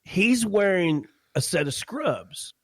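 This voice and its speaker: A man co-hosting a podcast, telling a crude story in a casual, animated way and laughing often. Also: sits high, takes it slowly, dry recording. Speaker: podcast co-host.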